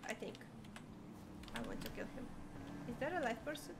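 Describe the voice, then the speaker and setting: A woman's voice: a little high, wildly swooping pitch, moderate pace, background noise. A woman streamer chatting live with her viewers, stammering and giggling through overwhelmed thanks. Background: music.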